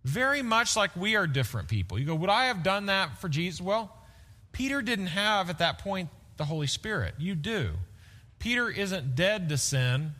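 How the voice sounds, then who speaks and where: A man's voice: high-pitched, big pitch swings, normal speed, bright, forceful tone. A male pastor preaching a sermon in a conversational way, often checking in with "right?". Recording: long reverb of a large hall.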